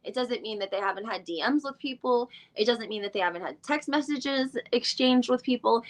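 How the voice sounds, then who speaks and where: A woman with a medium-pitched, sharp-toned voice hosts a podcast doing a live recap. In a casual live-stream chat, she rambles and thinks aloud while searching things up online, using lots of fillers and some mild swearing.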